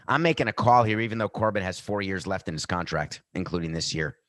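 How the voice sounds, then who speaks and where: Male podcast host, lowish voice, dry close sound, quick jokey sports banter. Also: no room sound. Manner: animated, tangents and jokey asides. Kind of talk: sports betting talk.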